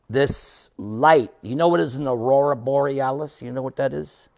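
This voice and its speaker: Man, 60s, unhurried lecture storyteller who shifts between loud and soft. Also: mid-range voice, creaky. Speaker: devotee lecturer.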